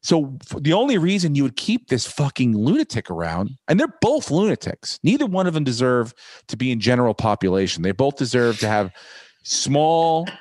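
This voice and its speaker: A man's voice: medium pitch, moderate pace, dry recording. Profane rambling man on a podcast. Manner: profane, rambling, animated rants. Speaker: podcast host. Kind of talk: casual podcast chat.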